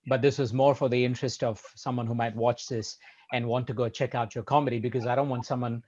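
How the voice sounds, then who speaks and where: A man hosting a podcast, talking in a measured, hedging way with many restarts. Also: medium pitch, little pitch movement, a little mellow, dull audio. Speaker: podcast host. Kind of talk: casual conversation.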